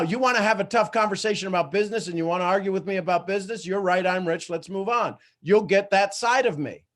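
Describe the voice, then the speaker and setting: A man in his fifties hosting a live coaching call, blunt and emphatic, swinging between loud lines and hushed ones. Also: sits high. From Ireland. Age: 50s. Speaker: host and coach.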